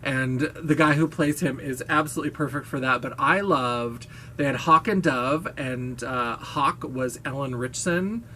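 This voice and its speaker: A man's voice: medium pitch, unhurried, pushed and bright, a little hiss or hum. A man vlogging in a casual monologue, gushing, playful and self-mocking, with a brash, blaring voice.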